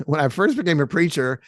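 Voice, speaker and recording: A man's voice: fairly high pitch, sing-song, normal speed, dry recording, clean studio sound. A middle-aged man, a pastor hosting a podcast, telling stories in an earnest, emphatic way. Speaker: host and pastor. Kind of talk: podcast interview, preacher's storytelling.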